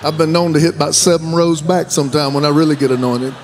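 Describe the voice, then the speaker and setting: A man in his fifties with a Southern American accent, a guest pastor preaching a sermon in a folksy, joking way that rises to shouted fervor. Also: a little high, fairly even intonation, fast, slight background noise. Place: large church sanctuary.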